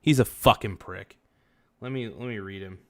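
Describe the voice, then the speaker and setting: A man's voice: on the low side, moderate pace, no echo. A man streaming an angry rant, reading out messages and swearing heatedly. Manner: heated, profane, reads messages aloud and rants.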